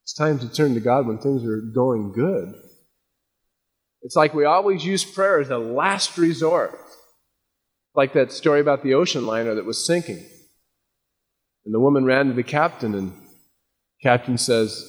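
Male pastor, mid pitch, conversational preacher with emphatic warnings, long church reverb. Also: a little slow, long pauses. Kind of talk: expository sermon.

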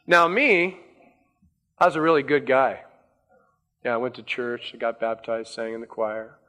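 A man's voice: medium pitch, fairly even intonation, moderate pace, pushed and bright, in a large hall, voice pushed down, lightly acted. A preacher voicing a smug, boastful man who brags about his own goodness. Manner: self-satisfied, bragging.

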